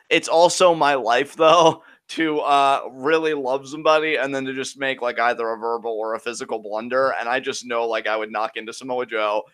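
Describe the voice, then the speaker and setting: Bright-voiced joking young man. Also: mid-range voice, smooth. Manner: joking, laughs often, playful. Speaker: co-host. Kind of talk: casual podcast chat.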